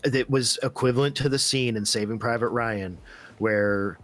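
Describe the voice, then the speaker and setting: A man's voice: mid-range voice, moderate pace, fairly bright tone. A man co-hosting a wrestling podcast in casual chat, laid-back and joking, often restarting his sentences. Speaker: podcast co-host.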